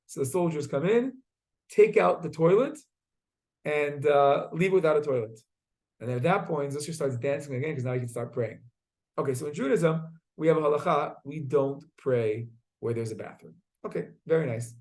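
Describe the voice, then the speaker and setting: A man teaching a class, asking students questions and telling stories in a lively way. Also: fairly high pitch, a little fast. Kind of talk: classroom lesson with storytelling.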